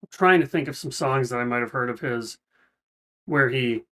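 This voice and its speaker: A man hosts a reaction video in a bright, forceful, medium-pitched voice at normal speed. He gives casual commentary, explaining ideas in a thoughtful, relaxed manner with frequent restarts.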